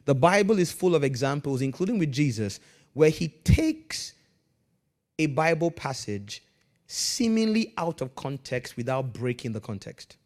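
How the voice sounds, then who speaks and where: A man preaching a sermon as pastor, swinging from quiet, measured lines to loud, emphatic ones and calling on the congregation to answer back. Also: medium pitch. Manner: calls on the congregation to respond.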